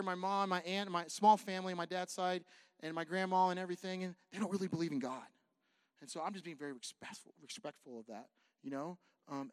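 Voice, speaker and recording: A male pastor from California preaches in a high, quick voice, telling a story with lively swings between near-whispers and loud bursts. He jokes with the congregation as he goes. The recording is dry, with no room echo. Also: clean tone. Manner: animated, swings from hushed to loud. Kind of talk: sermon storytelling.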